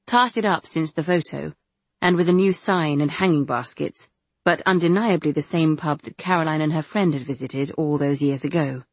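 A woman narrating an audiobook in a measured, even storytelling manner. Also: deep voice, no room sound. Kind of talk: scripted narration.

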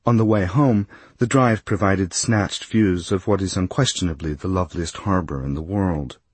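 A man's voice: deep voice, moderate pace, slightly rough, dry recording. A man reading a humorous travel memoir aloud, with a dry, wry comic delivery. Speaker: narrator.

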